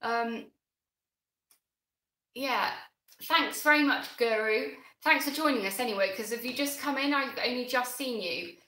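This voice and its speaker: A flustered woman chats on a gardening live stream, bright and fairly high, her words tumbling with excited restarts. The roomy recording carries a clear echo around her voice. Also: unhurried, pauses often. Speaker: gardening channel host.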